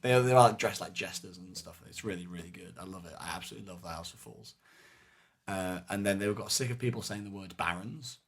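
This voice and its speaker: Casting: deep-voiced guy, podcast co-host, loose rambling recap with lots of ums. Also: fairly quick, husky. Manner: rambling, many fillers, animated retelling. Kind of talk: casual chat recapping a live-action game event.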